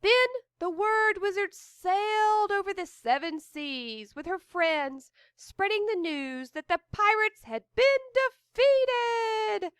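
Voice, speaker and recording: A woman reading a picture book aloud with expressive gasps of wonder and chatty asides about the pictures. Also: very high voice, slow, hardly any pauses, dry recording, clean studio sound. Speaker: storybook reader.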